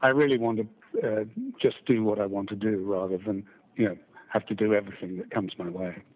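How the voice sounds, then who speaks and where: An older man with a baritone voice and a mixed British-American accent, an audiobook narrator chatting in an interview, self-deprecating, with stammering restarts. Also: fairly even intonation, brisk, phone-quality sound. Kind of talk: casual interview chat.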